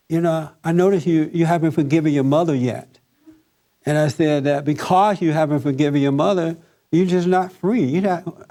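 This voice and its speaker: A man leading a Sunday service, preaching in a relaxed, conversational way and telling personal stories to his listeners. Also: fairly high pitch. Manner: chatty and anecdotal, laughs at his own stories, talks directly to listeners. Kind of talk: conversational sermon with storytelling.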